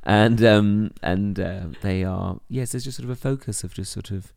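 A middle-aged English man co-hosting a podcast in casual chat, talking haltingly with many restarts. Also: on the low side, creaky, darkish tone, dry recording, studio quality. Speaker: podcast co-host.

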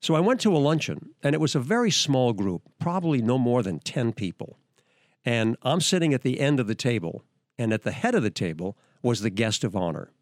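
An older man telling stories on his podcast, his pitch swinging widely as he gets excited. He talks enthusiastically with many restarts, recorded close and dry in a studio. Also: brisk, no room sound. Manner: animated, enthusiastic storyteller with frequent restarts. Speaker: host, veteran news anchor. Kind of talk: podcast storytelling.

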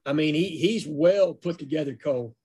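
A man's voice: a little high, normal speed, dark tone, slightly rough. A man co-hosting a casual sports recruiting chat, stating his opinions emphatically. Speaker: co-host.

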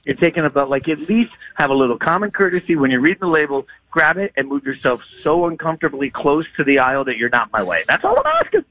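A man hosting a sports radio show, talking in a fast, energetic, casual way. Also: fairly high pitch, dry recording, lo-fi sound. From Nashville, US South.

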